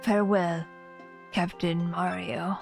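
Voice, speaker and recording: A woman reading the lines of an old male bomb-creature sea captain aloud from a game, speaking slowly with formal, old-fashioned phrasing. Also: on the low side, flat delivery, vocal fry, soft background music, low-quality recording. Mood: solemn.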